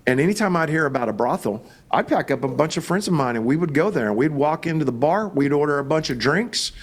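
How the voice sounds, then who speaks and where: A man's voice: fairly high pitch, fast talker. A middle-aged man, a pastor, telling stories in an interview and acting out the voices in them. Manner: animated, acts out quoted voices. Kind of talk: storytelling in an interview.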